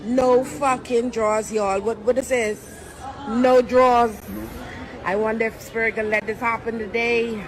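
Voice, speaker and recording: A woman's voice: a little high, flat delivery, measured pace, some chatter behind, rough recording. A woman filming a social media video, giving outraged, exclaiming running commentary in an airport. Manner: loud, indignant, exclaiming to the room. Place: busy airport.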